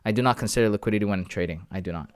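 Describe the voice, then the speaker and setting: A young man, chatting casually on a trading livestream, laid-back and slangy, reading out comments and breaking into loud shout-outs. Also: on the low side, racing, clear, resonant tone, no echo, studio quality. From Canada. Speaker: live-streaming forex trader.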